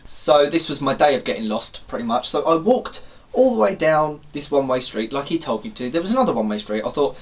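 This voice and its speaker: Young man, vlogger, animated storytelling, exasperated, casual swearing, mid-pitched voice. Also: a little fast.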